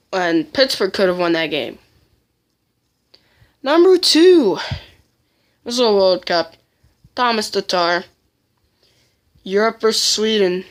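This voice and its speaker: A woman giving casual countdown commentary as a fan vlogger, blunt and opinionated, often restarting her sentences. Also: medium pitch.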